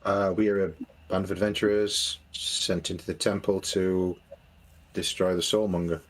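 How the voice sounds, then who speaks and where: Guy with a lowish voice, asking stuff in a tabletop game, laid back. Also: level tone, moderate pace, a little hiss or hum. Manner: casual, questioning. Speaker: player. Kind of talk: casual tabletop game chat.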